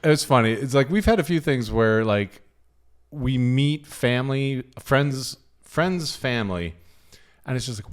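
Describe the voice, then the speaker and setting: A man's voice: medium pitch, expressive, measured pace. A man co-hosting a podcast in casual chat, telling stories with plenty of laughter and swearing. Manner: laughing, profane storyteller. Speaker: podcast co-host.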